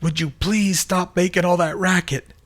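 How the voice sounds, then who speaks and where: A man's voice: a little high, fairly even intonation, fast talker, voice pushed up, close to an everyday voice. A man voicing a tough young woman with attitude, talking bluntly in a raised voice. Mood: annoyed. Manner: blunt and sharp-tongued.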